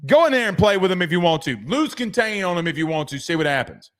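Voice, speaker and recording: A man's voice: sits high, sing-song, fast talker. A man hosting a casual sports commentary show, rambling and joking. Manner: rambling, joking, trails off into asides.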